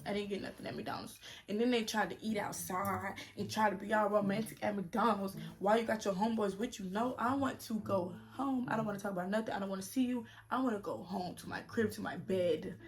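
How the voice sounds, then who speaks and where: A young woman in her twenties tells a story straight to her camera in a relaxed vlog. She talks in an animated, slangy way, addressing her viewers directly, with a voice of ordinary pitch. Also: a little fast, hardly any pauses. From United States. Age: 20s. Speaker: vlogger.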